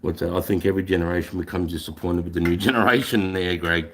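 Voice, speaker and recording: A man's voice: low-pitched, steady tone, fast. A middle-aged Australian man, a former soldier, telling blunt, profane stories in casual podcast chat. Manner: blunt, heavily profane storytelling.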